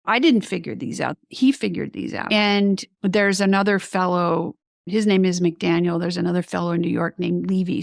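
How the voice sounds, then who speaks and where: A middle-aged woman tells her story in an interview, lively and animated, slipping into the voices of the people she quotes. Her voice has a gravelly, fry-tinged edge, and the recording is dry and close. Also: mid-range voice, no room sound. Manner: animated, acts out quoted remarks. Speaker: guest ENT doctor.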